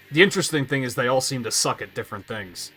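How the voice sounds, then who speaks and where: A man's voice: mid-range voice, bright, forceful tone. A man streaming a video game, chatting casually in a rambling way, with restarts and casual swearing. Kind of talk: casual let's-play commentary.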